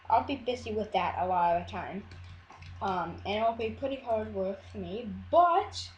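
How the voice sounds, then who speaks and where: A woman's voice: fairly high pitch, a little hiss or hum. Rambling chatty female gamer, echoey room. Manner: rambling, chatty, self-interrupting. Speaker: Minecraft video maker. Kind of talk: casual gameplay voice-over.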